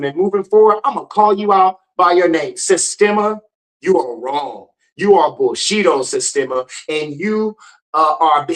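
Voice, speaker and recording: A man's voice: high-pitched, fairly bright tone, low-quality recording. A man hosting his own show, ranting in an emphatic commentary style and repeating lines for effect. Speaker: host.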